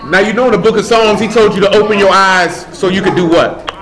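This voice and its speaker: A man's voice: high voice, quick pace, a crowd in the background. A man preaching a live sermon, emphatic and casual, asking the room rhetorical questions. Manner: casual street slang.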